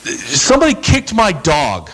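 A male pastor delivers a sermon full of stories, voicing each side of an everyday quarrel. His voice sits a little high for a man and leaps up and down with lively expression. A faint hiss runs under the recording. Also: a little slow, breathy edge, poor audio. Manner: animated storytelling, acting out both sides of conversations.

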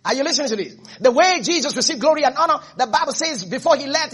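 A man's voice: very high-pitched, animated, quick pace, few pauses, a bit bright. A man preaching a sermon as pastor, emphatic, repeating phrases and often asking the congregation if they are listening.

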